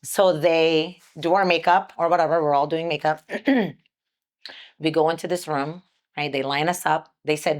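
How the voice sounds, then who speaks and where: A woman guest on a podcast, telling a story in a casual, lively way and acting out what people said. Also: sits low, moderate pace. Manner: lively, acts out quoted dialogue.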